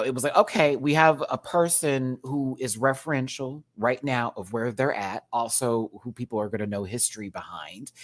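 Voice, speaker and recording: A man giving a casual rant-style review of a show, sassy and animated, laughing often and slipping into mock voices. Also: medium pitch.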